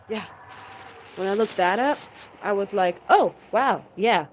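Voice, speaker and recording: With a medium-pitched voice, a measured pace and long pauses, a woman in her thirties talks over slight background noise. She's a pet goose vlogger doing evening chores outdoors by a backyard coop, rambling casually as she settles her birds and coos bedtime words to them.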